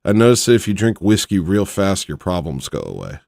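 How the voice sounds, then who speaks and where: A man hosting a livestream in casual banter, deadpan and mumbling with fillers. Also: low-pitched, fairly quick, creaky, no room sound, clean studio sound. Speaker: livestream host.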